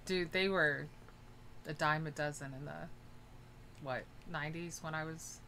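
Low-voiced woman with dry quips. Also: fairly even intonation, measured pace, pushed and bright, a little hiss or hum. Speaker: reaction video co-host. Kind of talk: casual chat reacting to a song.

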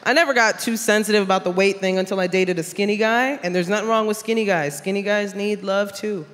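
A woman's voice: mid-range voice, steady tone, fast, a little hiss or hum. A woman, doing a teasing, brash stand-up comedy set. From South Bronx, New York. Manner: brash, teasing, puts on characters' voices. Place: large theater stage with cheering audience. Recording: live stage sound in a big hall with a loud crowd.

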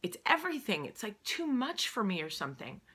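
A woman's voice: mid-range voice, big pitch swings, fairly quick, sharp tone, husky. A woman, hosting a casual, heartfelt video monologue in an earnest, emotional way. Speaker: vlog host.

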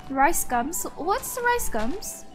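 A young woman streaming a video game, chatting casually with viewers and getting loud and excitable at the game. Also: very high-pitched, slow, faint music behind. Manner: excitable, laughs often, yells at the game. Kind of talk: casual gaming livestream chat.

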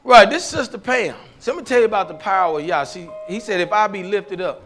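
High-pitched, fervent preaching man. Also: animated, fairly quick, faint music behind. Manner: repetitive call-and-response preaching, rising to shouts. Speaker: preacher giving testimony. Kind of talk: fervent sermon testimony. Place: church service with congregation.

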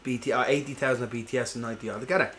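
An Irish man with a mid-range voice co-hosts a gaming stream, chatting casually while playing, racing along over soft background music. He's loose and swears freely, telling stories with animation and acting out every quote.

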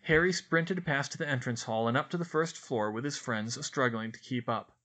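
A man reading a novel aloud as an audiobook narrator, expressive and animated. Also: mid-range voice, normal speed.

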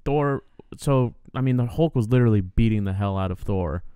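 A man co-hosting a film podcast, speaking casually in a smooth, clear voice set a little low. He rambles and sounds firmly opinionated. The dry, close sound has no room echo. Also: brisk, narrow, tinny audio. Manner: opinionated, rambling, with frequent fillers. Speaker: podcast co-host. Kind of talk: casual film review chat.

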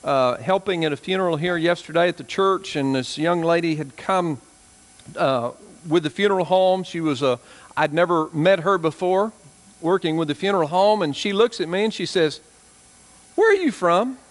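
A male pastor with a Southern drawl, from South Arkansas, preaching in a fairly high voice. He swells to emphatic, ringing peaks and then sinks into quiet, drawn-out lines. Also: big-room sound. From South Arkansas, USA. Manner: preaching with emphatic swells and hushed, slow drops. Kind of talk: sermon.

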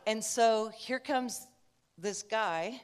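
A woman's voice: fairly high pitch, extremely slow, clear, resonant tone. A woman preacher giving a conversational sermon, telling a personal story with chatty asides.

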